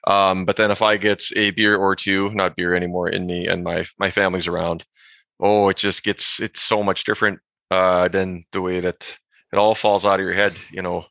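A man co-hosting a podcast, chatting casually and rambling about language with animated asides. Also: low-pitched, normal speed, vocal fry, no room sound, dull audio. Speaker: podcast co-host. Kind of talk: casual chat.

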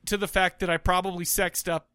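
A man's voice: sits high, brisk. A man co-hosting a podcast, telling rambling crude stories in casual chat. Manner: animated, rambling, crude joking. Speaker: podcast co-host.

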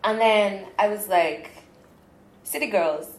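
A woman's voice: mid-range voice, takes it slowly. A woman co-hosting a podcast in casual chat, with a playful manner, laughing often. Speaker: podcast co-host.

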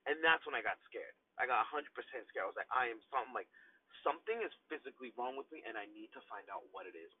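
A young man hosting a podcast, telling a long personal story in a rambling, profane, animated way, full of "like" and "son". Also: mid-range voice, quick pace, breathy edge. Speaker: podcast host. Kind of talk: casual storytelling monologue. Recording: tinny phone-like audio with faint noise.

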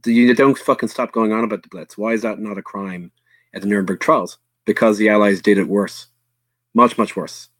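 Blunt Irish man with a low voice. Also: fairly even intonation, brisk, dry recording. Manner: earnest, blunt, with frequent fillers and restarts, occasional swearing. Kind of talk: casual history discussion.

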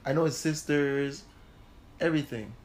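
A man telling a heated personal story in casual chat, animated, laughing and swearing as he goes. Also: on the high side, normal speed. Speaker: host.

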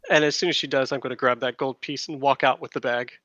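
Guy playing his character, bright tense tone, dull lo-fi mic. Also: medium pitch, fairly even intonation, fast talker, no echo. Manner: wry, playful. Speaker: player. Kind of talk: playing a character in a tabletop game.

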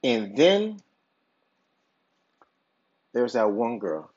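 Very slowly and in a sing-song mid-range voice, a podcast host meanders through a long hypothetical story with many filler words and restarts. The dull lo-fi recording has a noisy background.

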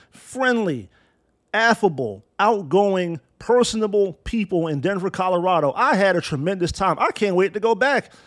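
High-voiced, profane sports ranter. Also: male voice. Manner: blunt, profane, sarcastic with long lists of insults. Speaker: sports podcast host.

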